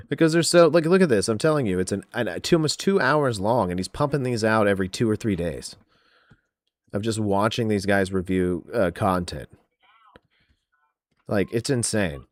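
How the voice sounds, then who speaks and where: A man's voice: on the low side, expressive, a little slow, pauses often, no echo. A man hosting a podcast in casual chat, mocking and profane as he trash-talks and reads out viewer comments. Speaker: podcast host.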